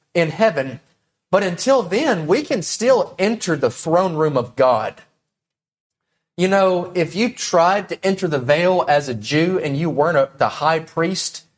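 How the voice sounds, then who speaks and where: A male pastor preaches with a fairly high voice and strong emphasis. He swings from raised, ringing lines to low, quiet ones and acts out the people he quotes. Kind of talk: sermon.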